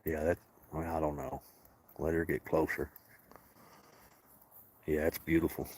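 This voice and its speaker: A man, casually live-streaming outdoors while feeding and softly coaxing the cats of a colony. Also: extremely low pitch, flat delivery, measured pace, slightly rough, poor audio. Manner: folksy, talks softly to the cats and coaxes them. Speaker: cat sanctuary caretaker streaming live.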